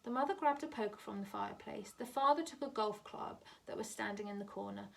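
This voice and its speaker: A woman teacher reading a novel aloud to her class in a steady, measured way. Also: mid-range voice, vocal fry, recorded from a distance.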